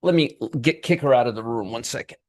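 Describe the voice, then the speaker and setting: A man's voice: mid-range voice, quick pace, a little mellow, no room sound, studio quality. A middle-aged man hosting a casual trading livestream, rambling and greeting viewers one by one by name, with frequent restarts. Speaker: trading show host.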